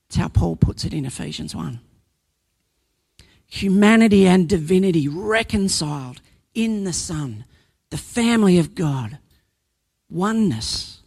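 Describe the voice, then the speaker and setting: A man's voice: high voice, lively intonation, a little slow, creaky, long pauses, darkish tone, breathy edge, dry recording. A man preaching a sermon, earnest and emphatic, building points through repetition and sometimes restarting a phrase.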